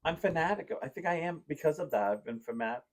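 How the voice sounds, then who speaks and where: In another casual podcast chat, a male host tells rambling, heartfelt parenting stories. He sounds a little high and animated, talking at a quick pace.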